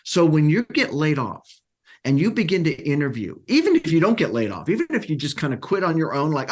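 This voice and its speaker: A man career coach talking casually as a podcast guest, animated and acting out quotes, with frequent restarts. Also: a little high, a little fast, breathy edge. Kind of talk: casual interview talk.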